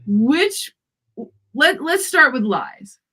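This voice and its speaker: A woman's voice: high voice, big pitch swings, drawn-out words, sharp tone. A woman hosting an online summit, asking a guest direct, encouraging questions. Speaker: host. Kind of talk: interview questions.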